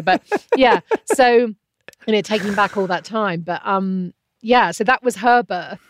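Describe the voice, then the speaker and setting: A woman's voice: medium pitch, moderate pace. Candid middle-aged woman, emotional. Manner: emotional, candid, often trailing off. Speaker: interview guest. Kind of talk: personal storytelling in conversation.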